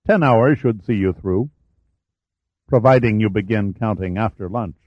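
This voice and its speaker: A formal, courteous naval officer speaks in a lowish voice, voiced by a male narrator. He stays polished and measured. The read is dry and a little muffled. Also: no room sound. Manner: formal, polite, smooth.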